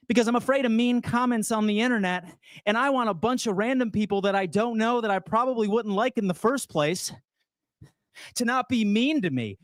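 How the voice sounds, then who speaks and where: A man hosting a sports fan channel, ranting loudly and profanely while answering chat. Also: sits high, fairly quick, dry recording, studio quality. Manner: loud, profane, fired-up ranting. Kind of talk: fan rant reading chat.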